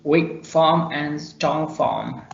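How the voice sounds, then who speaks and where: Man, slow deliberate lesson reading, roomy echo, muffled sound. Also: a little high, vocal fry. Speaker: student presenter. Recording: roomy, dull lo-fi recording.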